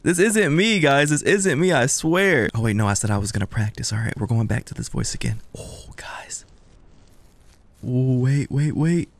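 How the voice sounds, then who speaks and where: A man's voice: medium pitch, lively intonation, normal speed, few pauses. Joking young man narrating a horror game. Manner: joking, playful and loud, talking to viewers. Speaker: gaming streamer.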